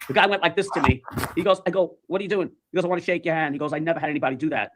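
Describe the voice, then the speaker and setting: A man's voice: on the high side, rapid-fire, slight background noise. A man telling a story in casual chat, animatedly acting out the voices of the people in it. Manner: animated, acts out quoted voices.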